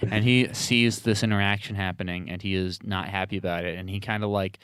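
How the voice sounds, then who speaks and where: With a low, steady voice that runs a little fast, another man co-hosting the podcast rambles through a casual film recap full of fillers and playfully quoted lines. The sound is smooth and a bit bright, studio quality with no room sound.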